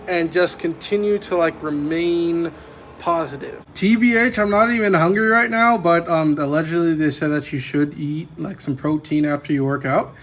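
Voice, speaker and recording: Man, rambling vlog talk, constant fillers, slightly high voice, faint hum behind. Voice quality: filler-heavy, meandering, says "like" constantly. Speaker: vlogger. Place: parked vehicle at night, microwave nearby.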